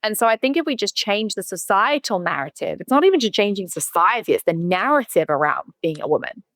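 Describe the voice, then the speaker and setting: A woman talks quickly and bluntly as a podcast guest, leaning hard on her points and dropping the odd swear word. Her voice sits at an ordinary middle pitch. The recording is close and dry, with no room sound. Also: sing-song, a bit bright, no room sound. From United Kingdom. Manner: blunt, emphatic, swears casually. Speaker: guest, agency founder. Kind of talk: casual interview chat.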